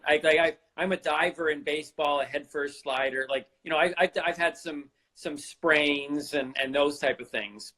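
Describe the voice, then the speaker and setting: A man's voice: on the high side, sharp tone. A man hosting a podcast, chatting in a joking way and repeating words as he thinks. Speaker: podcast host. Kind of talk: casual chat.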